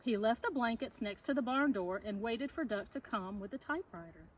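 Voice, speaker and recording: Woman reading a kids' book out loud, sing-song pitch, faint background hiss, asks the listener stuff. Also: animated, far from the mic, low-quality recording. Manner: unhurried, asks the listener questions between pages. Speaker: reader. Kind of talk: reading a picture book aloud.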